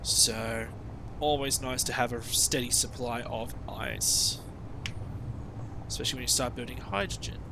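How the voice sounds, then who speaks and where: A man's voice: medium pitch, steady tone, a little slow, background noise. An Australian man chatting casually over his gameplay stream, rambling and swearing with sarcastic asides.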